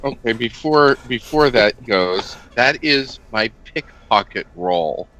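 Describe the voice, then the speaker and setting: Male gamer, slow, bright timbre, hesitant and giggly. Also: medium pitch, expressive, a little hiss or hum, poor audio. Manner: hesitant, filler-heavy, giggly. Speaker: player. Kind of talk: casual tabletop game chat.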